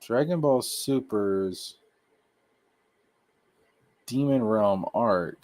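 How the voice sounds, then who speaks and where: Excitable man riffing on an anime. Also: on the low side, drawn-out words. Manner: excitable, repeats himself, slangy. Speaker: anime review streamer. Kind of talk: casual live-stream commentary.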